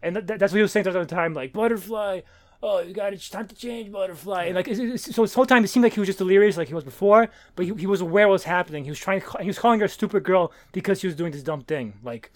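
A man jumps into a relaxed comic discussion, stammering and restarting as he explains plot points. His voice is high, and he talks fast. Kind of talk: casual comic-book discussion.

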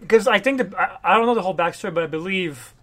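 A man co-hosting a podcast, retelling a comic story in casual chat, animated and profane with lots of fillers. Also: sits high, rapid-fire. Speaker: podcast co-host.

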